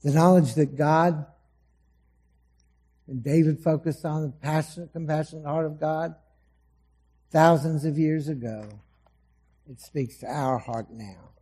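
A man preaching a sermon to a congregation, dramatic, acting out the voices he quotes and swinging between loud emphasis and soft, low asides. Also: measured pace, long pauses, husky. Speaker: pastor. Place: church hall before a congregation.

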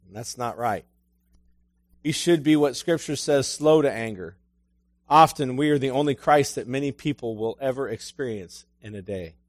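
A man's voice: on the high side, no room sound, studio quality. A middle-aged man preaching a sermon in a conversational, storytelling way, often asking his listeners questions.

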